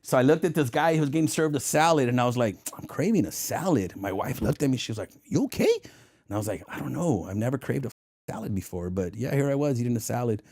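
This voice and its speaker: A man in a casual interview who tells his stories with a lively, swinging pitch. He acts out the other people in his anecdotes and often laughs at his own jokes. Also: quick pace. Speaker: guest, former federal agent.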